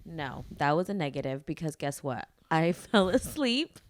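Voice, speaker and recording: A woman's voice: deep voice, sing-song, moderate pace, a little hiss or hum. A young woman co-hosting a casual podcast, chatty and laughing often. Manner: chatty, laughs often, echoes her partner. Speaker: podcast co-host. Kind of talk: casual chat.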